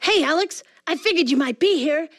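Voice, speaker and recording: Giggly high-voiced woman flubbing lines. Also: expressive, a little fast. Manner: bubbly, apologetic, giggles at her own flubs. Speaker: voice actor. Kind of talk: game voice recording outtakes.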